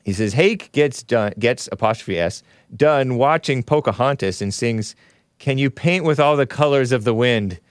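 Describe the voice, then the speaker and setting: Animated male live-stream host, dry close mic. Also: medium pitch, normal speed, dry recording. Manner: animated, laughing, sighing, groaning in disgust. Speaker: show host reading super chats. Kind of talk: casual live-stream talk.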